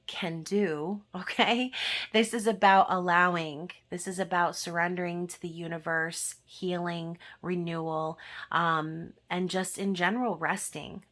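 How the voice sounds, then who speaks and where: A woman's voice: on the low side, a bit bright. A woman giving a casual tarot reading who talks to her viewers directly and often ends a point with "okay?". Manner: conversational, often adds "okay?" at the end of a point. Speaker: tarot reader.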